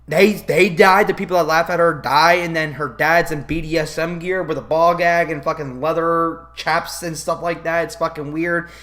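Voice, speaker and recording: A man with a high, sharply bright voice tears into a film in a comedic rant. He swears constantly and sounds exasperated. He is drinking whiskey as he talks. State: drinking whiskey while recording. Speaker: movie reviewer. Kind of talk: profane comedic movie-review rant.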